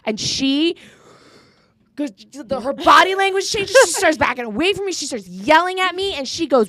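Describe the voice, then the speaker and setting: A woman's voice: sits high, brisk, no room sound. A woman in her thirties from Florida, co-hosting a casual podcast and acting out both sides of an argument as she retells it. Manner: animated storyteller, acts out both sides of a quarrel. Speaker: podcast co-host. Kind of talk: casual political chat.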